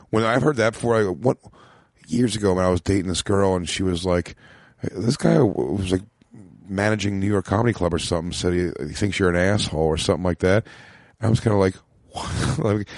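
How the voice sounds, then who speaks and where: A man's voice: fairly low pitch, no echo, clean studio sound. A male comedian chatting casually on a podcast, rambling and swearing as he acts out quotes in his stories. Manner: rambling, profane, quick to act out quotes. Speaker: comedian guest. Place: small home studio room.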